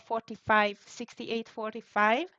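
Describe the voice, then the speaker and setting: A woman's voice: on the high side, little pitch movement, a little slow, pushed and bright, no echo. A woman hosting a live trading stream, thinking aloud in slightly as she calls out prices and frets about the market. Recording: dry, dull lo-fi sound.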